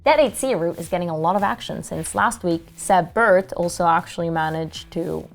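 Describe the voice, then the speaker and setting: A woman's voice: fairly low pitch, moderate pace, gravelly, soft background music. A woman co-hosting a climbing news show, reading reports and chatting with her co-host.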